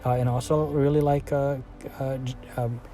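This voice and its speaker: A man's voice: medium pitch, little pitch movement, normal speed, mellow, faint music behind. A man giving a casual, rambling film review, full of fillers, restarts and trailing sentences.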